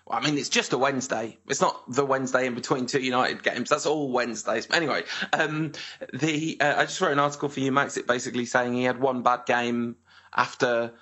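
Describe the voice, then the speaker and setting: A man's voice: medium pitch, fairly even intonation, brisk, bright, forceful tone. A man hosting a podcast interview, asking rambling, self-correcting questions, in a dull lo-fi recording. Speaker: podcast host. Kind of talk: casual interview conversation.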